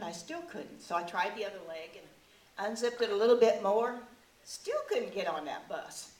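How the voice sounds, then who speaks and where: A woman's voice: medium pitch, natural voice. A woman playing a folksy old widow. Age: older. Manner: folksy rambling storytelling with deadpan punchlines. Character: brassy old widowed woman, many husbands, self-mocking. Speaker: comic character performer. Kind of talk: stand-up character monologue. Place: club meeting room before a live audience. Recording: echoey room, distant mic, faint hiss.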